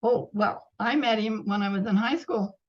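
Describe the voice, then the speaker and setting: Older lady reminiscing softly, muffled lo-fi audio. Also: mid-range voice, moderate pace. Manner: gentle, reminiscing. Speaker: guest. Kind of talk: casual interview.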